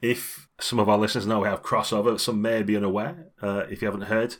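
A man's voice: lowish voice, little pitch movement, quick pace. A middle-aged British man co-hosting a role-playing podcast, chatting casually and rambling with frequent laughs. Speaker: podcast co-host.

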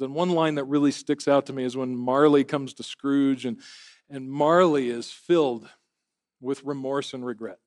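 A man's voice: medium pitch, dry recording, clean studio sound. A middle-aged man preaching a sermon at a church service, talking in a conversational, self-deprecating way and often repeating words as he thinks aloud. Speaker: pastor.

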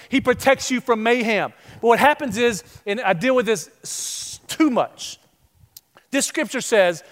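A man preaching a sermon as pastor, animated and acting out the voices he quotes. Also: sits high, big-room sound.

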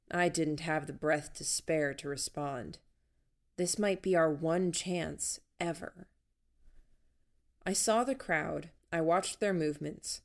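A woman reading a first-person story aloud in an even, measured storytelling manner. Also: fairly low pitch. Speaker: audiobook narrator. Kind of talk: first-person audiobook narration.

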